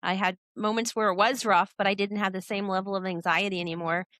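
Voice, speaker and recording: Bright-voiced woman telling her story. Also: medium pitch, fast, no echo. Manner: animated storyteller who acts out voices in quotes. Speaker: podcast guest. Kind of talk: storytelling in a casual interview.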